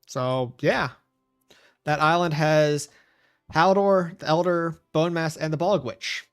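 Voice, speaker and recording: A man's voice: on the high side, slow, clear, resonant tone, soft background music. Chatty man streaming a game. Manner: rambling, chatty, talks softly to his pet. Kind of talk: casual chat while gaming.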